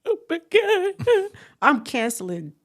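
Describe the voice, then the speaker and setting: A woman in her thirties from the United States, candidly telling a personal story in a relaxed chat, quiet and reflective. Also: very high voice, slow. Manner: animated retelling with acted quotes, then quiet and reflective. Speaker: guest.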